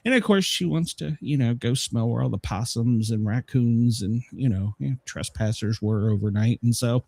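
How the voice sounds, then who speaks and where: A man's voice: medium pitch, breathy edge, dry recording. A man with a Southern US accent hosting a casual talk show, rambling and joking with many fillers. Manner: rambling, folksy, quick jokes with many fillers. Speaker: host. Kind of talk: casual radio and livestream chat.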